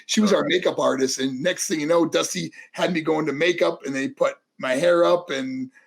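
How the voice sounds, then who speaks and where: Middle-aged New Yorker, ex-wrestler guest, husky gravelly voice, slightly high-pitched, animated storyteller doing voices. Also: male voice, normal speed. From New York. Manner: animated, acts out voices in anecdotes. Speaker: interview guest, former wrestler. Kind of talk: casual storytelling.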